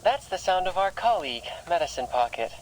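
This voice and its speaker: An actress voicing a brisk, matter-of-fact woman on a team. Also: on the low side, sing-song, poor audio. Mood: wry.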